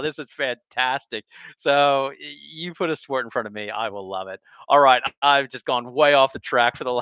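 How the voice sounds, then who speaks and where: A man's voice: mid-range voice, sharp tone, no room sound. A middle-aged American man from Texas, hosting a casual sports stream with rambling, enthusiastic digressions. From Texas, USA.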